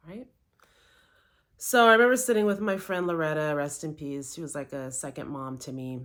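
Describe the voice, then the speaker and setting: A woman's voice: a bass voice, animated, a little fast, fairly bright tone. A middle-aged woman, a life coach, candidly telling a personal story with lots of quoted self-talk.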